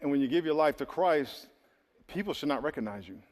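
A man preaching a sermon in a lively, joking way, acting out little dialogues for his congregation. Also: fairly high pitch, brisk. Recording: reverberant hall.

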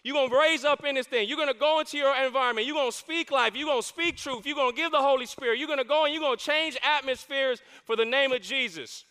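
A man preaching a sermon as a campus pastor, animated and repeating his key lines for emphasis. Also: extremely high pitch, fast, hardly any pauses. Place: church stage. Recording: long hall reverb in a church.

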